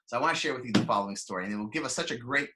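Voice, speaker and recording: A young man giving a storytelling sermon as a rabbi, animated and chatty, acting out voices and using lots of fillers. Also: medium pitch, very fast, background noise. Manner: animated, acts out quoted voices, frequent fillers. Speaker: rabbi giving a weekly Torah talk.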